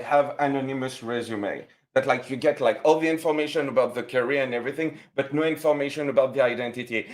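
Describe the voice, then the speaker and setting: A man arguing as a debate guest, halting and hesitant, full of fillers. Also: medium pitch.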